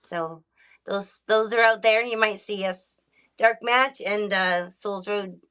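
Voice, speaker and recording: A woman in a casual livestream chat, talking in a relaxed, soft-spoken way. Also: medium pitch, slow pace, clean tone.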